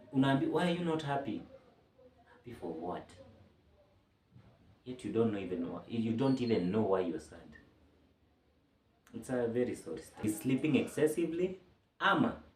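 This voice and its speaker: A man explains mental health topics in a casual, chatty way, tossing in jokey asides as he goes. His voice sits on the low side and is a little mellow. He's far from the mic, so the sound is roomy, with a little hiss or hum.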